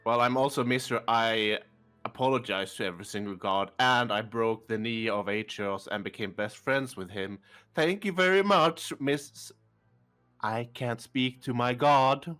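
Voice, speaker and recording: A man's voice: medium pitch, a little slow, a bit bright, faint music behind. A man playing in a tabletop game, teasing and joking with the others. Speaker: player. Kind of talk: casual banter at the table.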